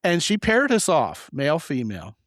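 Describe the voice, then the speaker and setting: A man hosting a podcast, telling stories in a joking, animated way. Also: on the high side, normal speed, no echo, studio quality. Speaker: podcast host. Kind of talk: casual podcast conversation.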